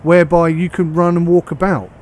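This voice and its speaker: A man's voice: fairly high pitch, steady tone, brisk, darkish tone. A British man giving a casual, rambling commentary on a train game as he plays, thinking aloud. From United Kingdom. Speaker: game reviewer.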